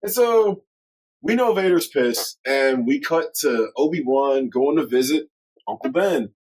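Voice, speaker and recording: A podcast co-host reviews a film in casual chat, swearing a lot, laughing often, and acting out characters with animated energy. His mid-range voice is unhurried with a breathy edge, and the recording is rough.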